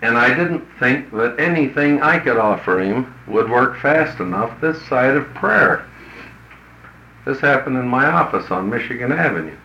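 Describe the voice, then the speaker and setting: A man's voice: medium pitch, animated, moderate pace, bright, forceful tone, slight background noise. A man who works as a business consultant tells a story to an audience in a folksy, blunt, colloquial way. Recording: roomy, dull lo-fi recording.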